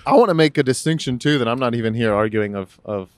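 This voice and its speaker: A man's voice: mid-range voice, expressive, quick pace, clear, resonant tone, dry recording. Male podcast co-host, casual and profane, rambling, dry close-mic sound. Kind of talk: casual political chat.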